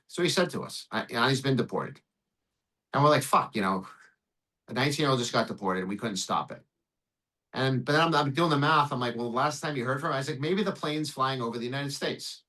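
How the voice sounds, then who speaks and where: A man who works as an immigration lawyer, telling a case story in an interview in an animated way, swearing and acting out the dialogue. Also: mid-range voice, poor audio. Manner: animated, profane, acts out dialogue.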